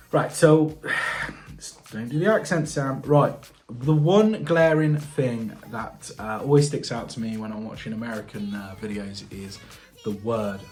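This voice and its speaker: A man's voice: on the low side, a little mellow. Chatty British man thinking aloud. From United Kingdom. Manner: chatty, thinks aloud, asks viewers questions. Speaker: plumber and channel host. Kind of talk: casual reaction vlog.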